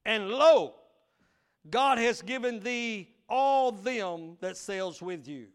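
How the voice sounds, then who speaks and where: A man's voice: sits high, lively intonation, slow, clear, resonant tone. A male pastor, preaching a fiery sermon with call and response.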